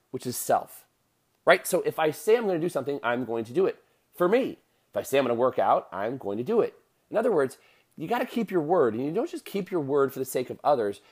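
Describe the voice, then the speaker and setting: A man's voice: medium pitch, big pitch swings, brisk, a little mellow, husky. A man in his thirties giving a casual motivational monologue to listeners, rambling with many fillers and restarts.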